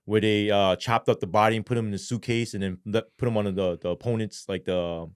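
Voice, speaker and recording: A man's voice: on the low side, fairly quick, clean tone, dry recording, studio quality. A middle-aged man, a former police sergeant, telling his story as an interview guest, swearing often and acting out the dialogue. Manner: profane, animated, acts out quoted dialogue.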